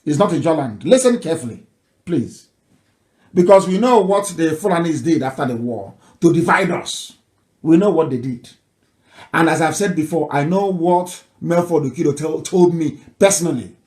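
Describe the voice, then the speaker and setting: A man hosting a live radio talk, emphatic and repetitive, sometimes rising to near shouting. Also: on the high side, animated, moderate pace, echoey room. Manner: emphatic, repeats phrases, rises to near shouting. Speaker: radio broadcaster.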